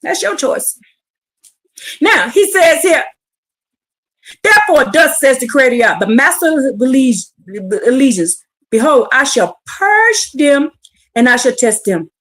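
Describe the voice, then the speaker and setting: A woman teaching a streamed bible class, reading scripture and preaching it out in slang, building to shouts. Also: high-pitched, very animated, unhurried.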